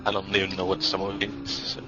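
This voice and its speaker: A man's voice: low-pitched, fast talker, pushed and bright. A man chatting casually as a race co-commentator, laughing often and hesitating between words. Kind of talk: casual booth banter. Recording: dull lo-fi stream audio with music.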